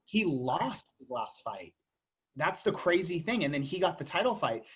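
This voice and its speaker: A man's voice: on the high side, big pitch swings, moderate pace, fairly bright tone, husky, lo-fi sound. A man in a casual podcast chat about fight bets, talking loosely with frequent restarts and tangents. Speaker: podcast co-host. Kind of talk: casual sports betting chat.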